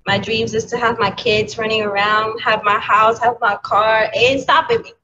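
Candid woman with a high voice, lo-fi. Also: fairly even intonation. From New York City. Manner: candid, halting, with soft laughs. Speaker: educator, interview guest. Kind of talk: emotional interview talk. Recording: dull lo-fi audio with clear background noise.

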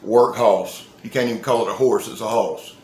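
Excitable man in his fifties. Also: fairly low pitch, normal speed, a little hiss or hum. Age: 50s. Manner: excitable, folksy, joking. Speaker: knife reviewer. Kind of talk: casual knife-review vlog. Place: indoor room. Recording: roomy, echoey sound.

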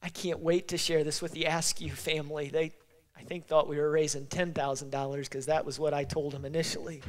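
A man's voice: fairly high pitch, fairly even intonation, fairly quick. A male pastor giving closing remarks at a church service, emotional and rallying the congregation, his nose stuffy from crying. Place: church sanctuary.

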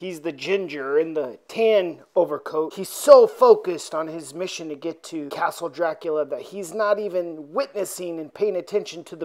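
A woman hosting a casual, chatty recap of an old comic book for her viewers. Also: mid-range voice. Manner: chatty, addresses viewers as folks. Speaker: host.

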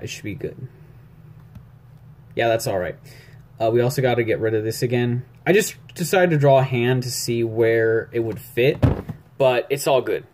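A man's voice: mid-range voice, darkish tone. A young man talking through an animation tutorial as he draws, rambling and jittery, mumbling to himself and joking at his own expense. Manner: rambling, jittery, self-deprecating, talks to himself while drawing. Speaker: YouTube animation tutorial maker. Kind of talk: casual screen-recorded tutorial. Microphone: phone recording.

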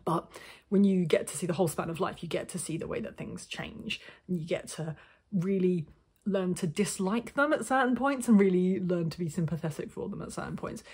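A woman with a low, slightly husky voice talks casually to camera about her reading. She rambles a little, restarts her sentences and drops in self-deprecating asides. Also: a little fast, darkish tone. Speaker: book vlogger. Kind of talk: casual book chat to camera.

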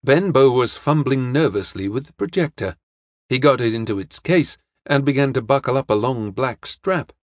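A man narrating a detective novel as an audiobook in a steady, measured way. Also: medium pitch, no echo, studio quality.

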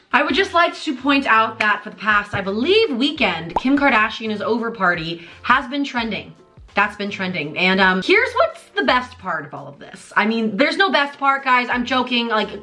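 Woman, twenties, lively high voice, sarcastic vlog rant, faint music behind. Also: moderate pace. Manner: exasperated, sarcastic, animated ranting. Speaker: commentary YouTuber. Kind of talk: pop culture commentary vlog.

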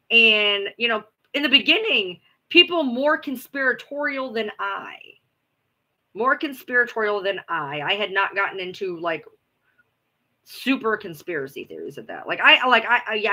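Bright-voiced woman rambling casually. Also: fairly high pitch. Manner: rambling, repeats herself, casual swearing. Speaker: livestream host. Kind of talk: casual chat answering viewers.

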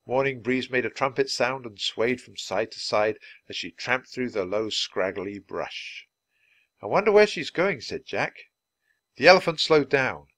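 A man reads a children's book aloud in a mid-pitched voice, steady and clearly paced for learners. The sound is dry and close, with no room around it. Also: no room sound. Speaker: storybook reader.

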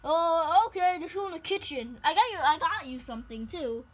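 A woman play-acting a plush-toy scene. She talks in an excitable, exclamatory way and often squeals or bursts into giggles. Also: very high-pitched, moderate pace. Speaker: toy video creator voicing plush characters.

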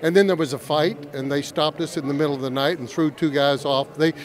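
A man's voice: a little high, steady tone, a little fast. A man at a travel expo, answering with wry jokes and rambling anecdotes. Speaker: interviewee. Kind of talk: casual joking chat. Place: busy travel expo hall.

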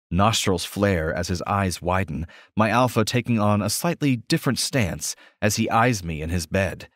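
Deep-voiced male audiobook narrator. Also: lively intonation, normal speed, few pauses, fairly bright tone, no echo, clean studio sound.

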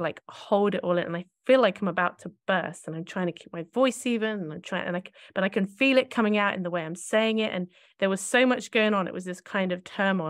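A woman co-hosting a podcast speaks in a clear, resonant, medium-pitched voice, recorded at studio quality with no echo. Her talk is reflective and searching, and she often corrects herself mid-thought.

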